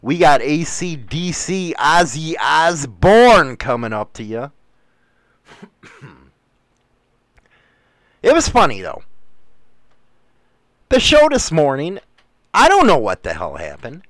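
A man's voice: a little high, huge pitch swings, slow pace, pauses often, a bit bright, no echo. A middle-aged man hosting a radio show, rambling bluntly and swearing freely in a casual monologue.

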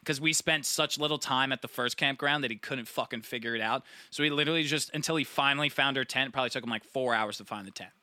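A man's voice: medium pitch, fast talker, hardly any pauses, no room sound, studio quality. A young man telling a long, profane party story in casual chat, acting out his friends' lines. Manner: rambling, profane, animated storytelling; acts out friends' voices.

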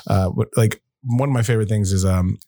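A man's voice: lowish voice, a little fast, a crowd in the background. A young man co-hosting a podcast, swearing freely while he tells a rowdy story in casual crude banter. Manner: animated storyteller, swears often. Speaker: podcast co-host.

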